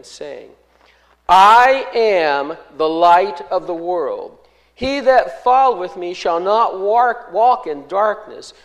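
A man preaching an expository sermon as pastor, measured and emphatic, stressing and repeating key words. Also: sits high, low-quality recording.

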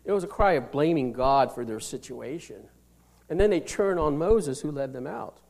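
Guy preaching a sermon, pretty high voice, reads the verses slow then explains, gets real loud then drops to a whisper. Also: lively intonation, gravelly. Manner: expository preaching, reads scripture slowly and explains plainly; dynamic delivery, swings between loud emphasis and hushed near-whispers. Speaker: pastor.

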